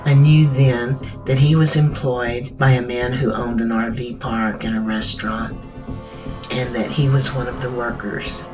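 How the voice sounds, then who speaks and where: A woman recounting her own ordeal in the first person, slow and measured, halting in places. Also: very deep voice, steady tone. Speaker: survivor telling her story. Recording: dull distant recording with faint music.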